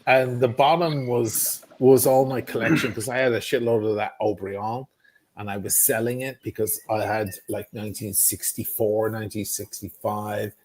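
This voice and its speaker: A man telling a wild story in casual chat, swearing freely and animated. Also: fairly low pitch, moderate pace. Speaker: guest storyteller.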